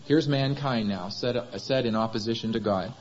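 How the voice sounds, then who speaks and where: Husky preacher man in a chapel. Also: mid-range voice, moderate pace, lo-fi sound. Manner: asks the congregation rhetorical questions. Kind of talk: sermon.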